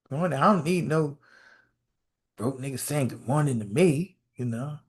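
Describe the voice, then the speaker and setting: A man voicing a rude woman who answers curtly and scornfully, in a low, quiet tone. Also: lively intonation, normal speed, close to an everyday voice. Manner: curt and scornful. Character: rude, dismissive woman on a waiting line.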